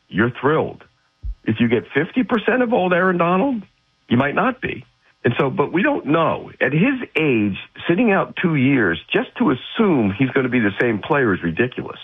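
Over a phone line, a man with a husky, medium-pitched voice appears as a guest football analyst on sports radio. He comes across blunt, opinionated, and emphatic.

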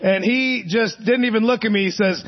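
A man's voice: high voice, normal speed, lo-fi sound. Rambling self-mocking man in his forties. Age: 40s. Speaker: stand-up comedian. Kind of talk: live stand-up set. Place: theater stage. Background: audience laughter.

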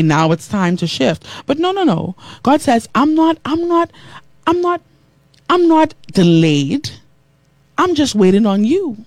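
A woman radio host preaching to listeners in a lively, repetitive style, reading out their texted comments. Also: a little high, dry recording. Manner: animated preacherly delivery, repeating phrases, reading comments aloud. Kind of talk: preaching talk show with listener texts.

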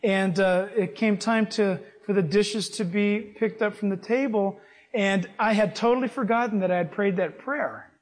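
A man preaching a sermon, reading scripture and telling personal stories in a lively, animated way. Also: high voice, moderate pace. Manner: animated, acts out voices in his stories.

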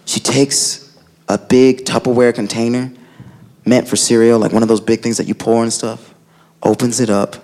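A man doing stand-up comedy, telling a family story in an animated way, filling his talk with "like" and acting out his relatives. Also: medium pitch, moderate pace. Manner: animated, loads of "like" fillers, acts out family members.

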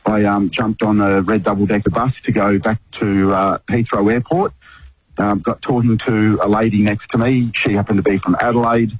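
A man's voice: on the low side, flat delivery, moderate pace, dry recording. Give me a rambling male caller on a tinny phone line. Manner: rambling, filler-heavy. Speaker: radio caller. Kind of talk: phone-in anecdote.

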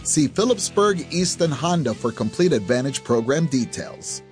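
A man reading a car dealership radio ad in an upbeat, brisk way. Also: medium pitch, animated, soft background music. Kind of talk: scripted radio ad.

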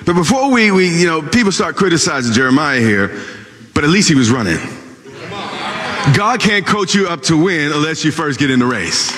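A man's voice: on the high side, very animated, normal speed, a bit bright. A man preaching a sermon with impassioned, dramatic delivery that swells and drops suddenly. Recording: long hall reverb.

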